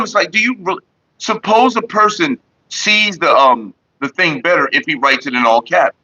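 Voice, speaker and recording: A man's voice: a little high, expressive, normal speed, bright, forceful tone, no room sound. A young man vlogging, retelling an online argument in a casual, profane, laughing way on a dull lo-fi home recording. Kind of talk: casual storytelling.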